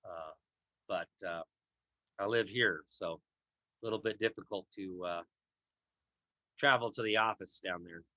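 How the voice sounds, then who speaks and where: A man's voice: sits low, measured pace, long pauses, sharp tone, no echo. A tired man hosting a casual livestream, reading viewer comments and rambling with many fillers and restarts. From Idaho, US. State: tired, yawning. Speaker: host of a law livestream. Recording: dull lo-fi stream audio.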